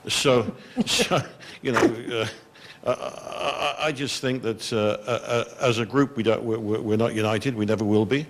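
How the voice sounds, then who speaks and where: A man's voice: mid-range voice, a little slow, fairly bright tone. Blunt middle-aged Englishman on a panel. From England. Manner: blunt, exasperated, frank. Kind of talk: panel discussion answer. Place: conference hall.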